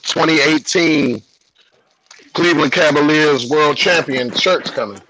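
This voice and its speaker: A man's voice: fairly high pitch, unhurried, sharp tone, a little hiss or hum, poor audio. A man joking and swearing freely in a casual video call chat.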